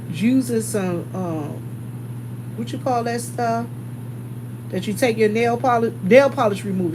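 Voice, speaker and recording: A woman's voice: mid-range voice, background noise. A woman vlogger telling stories in a chatty, casual way, laughing often and talking to her viewers as y'all. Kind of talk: casual storytelling.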